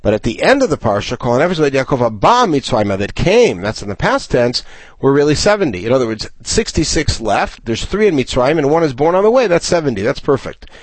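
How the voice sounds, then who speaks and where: A man teaching a Torah study lesson, his pitch rising and falling in a lively, animated way as he counts through the verses. He reads Hebrew phrases aloud between his explanations. The sound is dry and close, with no room echo. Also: fairly quick.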